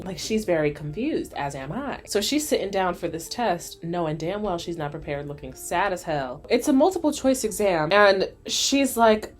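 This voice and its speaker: A woman's voice: medium pitch, expressive, moderate pace, hardly any pauses, soft background music. A young woman hosting a vlog, recapping a cartoon in casual, sassy commentary while doing her makeup. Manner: sassy, chatty, addresses viewers as girl and y'all. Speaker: vlog host.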